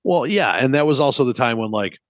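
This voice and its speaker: A man in his thirties, a podcast co-host, chatting casually and telling animated, profane stories. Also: medium pitch, fast talker, no room sound.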